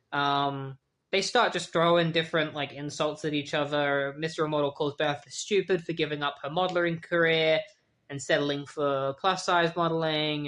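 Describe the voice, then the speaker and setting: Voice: medium pitch, a bit bright. A comic book reviewer giving a casual, chatty recap full of fillers and wry asides.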